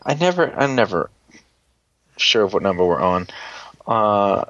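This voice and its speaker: A man's voice: lowish voice, big pitch swings, measured pace, a bit bright, dry recording. A man hosting a casual show and recapping an episode in a rambling, profane, joking way. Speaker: podcast host. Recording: dull lo-fi recording.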